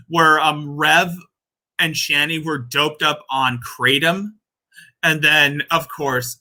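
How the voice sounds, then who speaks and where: A man's voice: on the high side, bright, forceful tone. A man hosting casual reaction commentary, rambling and crude, often laughing at his own jokes. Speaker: commentary channel host.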